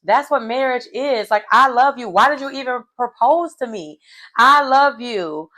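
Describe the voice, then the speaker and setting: A woman imitating an upset young woman pleading with her fiancé, in a higher, exasperated voice. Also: expressive, unhurried, bright, forceful tone.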